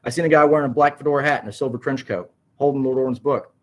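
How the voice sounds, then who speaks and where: A man voicing a gruff, blunt male army sergeant testifying in court, grunting his answers. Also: medium pitch, brisk, a bit bright, pitched above the performer's own voice. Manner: grunting, starts with a gruff "bah".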